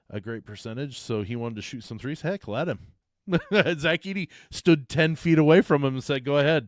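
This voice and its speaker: A man's voice: fairly low pitch, dry recording, clean studio sound. A man co-hosting a casual sports talk show, rambling and correcting himself as he breaks down a basketball matchup. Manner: rambling, self-correcting, frequent uh fillers. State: hiccups. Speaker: sports podcast co-host.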